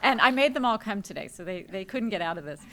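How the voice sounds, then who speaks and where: A woman's voice: mid-range voice, lively intonation, fast talker, a bit bright, slight background noise. A woman, co-president of a parent association, giving a friendly welcome speech from her notes.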